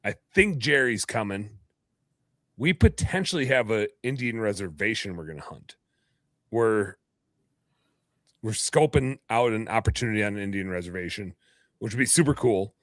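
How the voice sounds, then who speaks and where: A man's voice: on the low side, expressive, normal speed, pauses often, dry recording, clean studio sound. A man hosting a podcast, chatting casually and joking around, cursing freely. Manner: loose, joking, swears freely. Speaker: podcast host. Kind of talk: casual chat.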